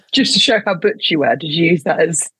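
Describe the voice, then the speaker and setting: Husky woman on a podcast, teasing questions, voice jumps around, dry sound. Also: on the low side, animated, a bit bright, no echo, rough recording. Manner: quick teasing questions, laughs a lot. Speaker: podcast co-host. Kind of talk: casual chat.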